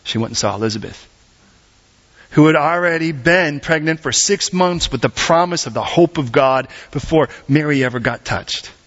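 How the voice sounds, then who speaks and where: A man preaching a sermon in a church, animated and asking the congregation direct questions. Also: on the high side, normal speed. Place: church service. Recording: dull lo-fi recording.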